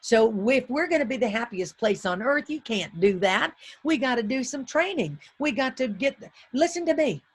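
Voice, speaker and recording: Husky-voiced woman giving a comedic keynote. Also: a little high, lively intonation, moderate pace, few pauses. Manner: exuberant storytelling with punchy repetition. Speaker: motivational keynote speaker.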